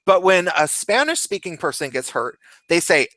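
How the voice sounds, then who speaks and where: A man hosting a casual chat stream, telling stories in a rambling, halting way. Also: high voice, big pitch swings, bright, forceful tone, no echo. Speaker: stream host.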